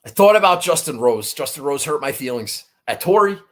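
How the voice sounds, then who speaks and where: A golf betting podcast host chats casually, rambling, cursing and poking fun at himself. His voice is fairly high with lively intonation, and he talks a little fast.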